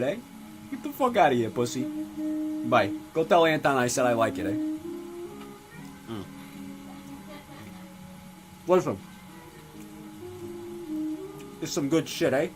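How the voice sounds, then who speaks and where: A swaggering, foul-mouthed mob-style father, as a man acts him out. His tough-guy drawl swoops lively up and down as he needles and lectures. Music plays behind him. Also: medium pitch, moderate pace, long pauses, natural voice, rough recording. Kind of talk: comedy sketch character acting. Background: music playing.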